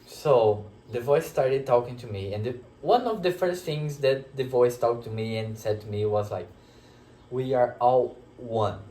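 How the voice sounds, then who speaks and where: A man telling a personal spiritual story to camera, in an emotional, reflective way with many pauses. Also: mid-range voice, lively intonation, dark tone. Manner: slow, emotional, reflective, pausing often. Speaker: spiritual teacher sharing a personal experience. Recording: echoey room.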